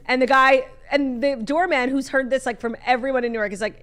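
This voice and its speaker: A woman's voice: sits high, a little fast. A young woman co-hosting a podcast, telling gossipy stories in casual chat with many "like"s. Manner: gossipy, animated storytelling with many "like"s. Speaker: podcast co-host.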